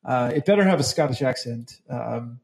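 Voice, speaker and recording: A man's voice: mid-range voice, expressive, normal speed, gravelly, darkish tone. A man hosting a casual podcast, joking around and stumbling through many fillers and restarts. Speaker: podcast host.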